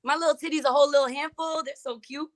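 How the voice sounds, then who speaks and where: A woman in a heated argument, defiant and talking back, with a slightly raspy voice. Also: high-pitched, steady tone, quick pace. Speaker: guest being confronted.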